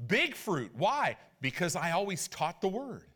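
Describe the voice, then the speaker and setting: High-voiced animated man preaching. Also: unhurried, slightly rough. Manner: animated, storytelling with rhetorical questions. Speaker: pastor. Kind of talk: sermon with personal stories.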